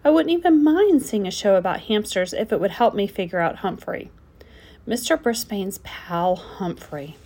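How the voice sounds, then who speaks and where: A woman narrating a children's storybook aloud in the first person of a frog, with gentle, expressive storytelling. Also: mid-range voice, normal speed.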